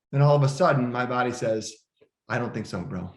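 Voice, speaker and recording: A man's voice: mid-range voice, brisk, darkish tone, reverberant. A man recounting a personal story in conversation, with an emotional, restless delivery full of restarts and quoted dialogue. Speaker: podcast guest. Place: indoor room at home.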